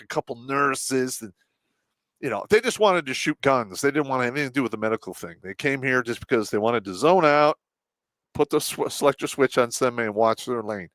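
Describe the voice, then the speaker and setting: A man hosting a live stream, telling army stories in a casual, profane way, laughing often and loudly acting out quotes. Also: mid-range voice, no room sound. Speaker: show host and veteran.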